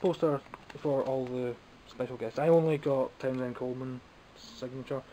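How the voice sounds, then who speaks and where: A toy collector from Scotland vlogs in a relaxed, self-mocking show-and-tell of his latest buys. His medium-pitched voice is dark and steady at a moderate pace. Audio quality is poor, with slight background noise.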